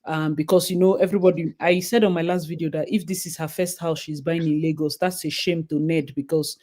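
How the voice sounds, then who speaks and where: A woman hosting a live stream, chatting casually and thanking viewers with bursts of excitement. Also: deep voice, a little fast.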